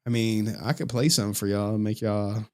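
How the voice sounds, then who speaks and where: A man's voice: fairly low pitch, flat delivery, fairly quick, a little mellow. A man chatting casually on a live stream, talking straight to his chat in a loose, profane way and laughing often.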